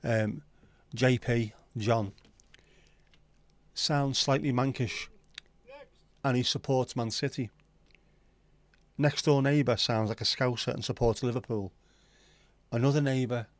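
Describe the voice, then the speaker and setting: Male stream host, mid pitch, dry close sound, loose sweary banter. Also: steady tone, unhurried, long pauses, no echo. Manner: chatty, sweary, banter-filled. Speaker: livestream host. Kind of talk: casual chat reading viewer comments.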